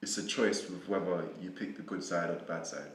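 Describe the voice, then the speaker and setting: A young man from Senegal speaks as a podcast guest in a fairly low voice. He is earnest and reflective and repeats words while he gathers his thoughts. The room leaves a noticeable echo on his voice. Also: brisk. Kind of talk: casual conversation. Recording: roomy echo.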